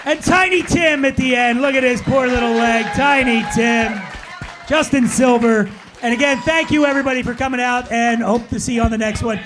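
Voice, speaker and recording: High-voiced man hosting a live show. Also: normal speed, over music, a crowd in the background. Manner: joking, wraps up and thanks the guests. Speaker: podcast host. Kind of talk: live comedy podcast banter.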